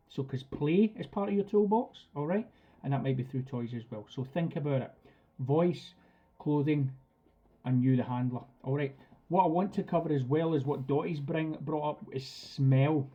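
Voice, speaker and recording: Leading a live dog training class online, a man talks in a direct, chatty style and demonstrates commands himself. His voice sits on the high side, and the recording is muffled.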